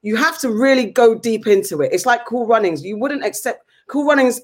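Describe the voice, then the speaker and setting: An impassioned woman in casual group chat. Her voice is fairly high, and she stumbles and restarts her sentences as she presses her point. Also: lively intonation, fairly quick. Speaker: podcast co-host.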